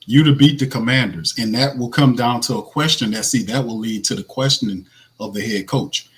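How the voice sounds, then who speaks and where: A man with a naturally raspy voice hosting casual live fan commentary, animated, blunt and slangy, laughing often. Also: medium pitch, fairly quick. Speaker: host.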